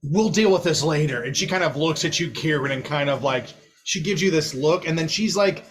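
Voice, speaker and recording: A man's voice: on the high side, a little fast, a bit bright, faint music behind. A man narrating a tabletop game as game master, vivid and playful, laughing often.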